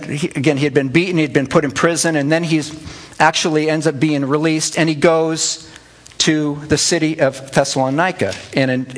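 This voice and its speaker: A middle-aged man leads a relaxed church Bible lesson in a slightly raised voice. He talks conversationally and breaks off to call on people in the room by name. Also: on the high side. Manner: conversational, addresses listeners by name, animated asides. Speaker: pastor teaching a church group. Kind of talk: informal Bible teaching.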